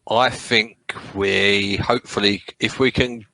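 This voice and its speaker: A man's voice: fairly low pitch, steady tone, slow, gravelly, bright, forceful tone, no echo, rough recording. A man from England chatting casually about football on a podcast, rambling and swearing freely. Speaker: podcast co-host.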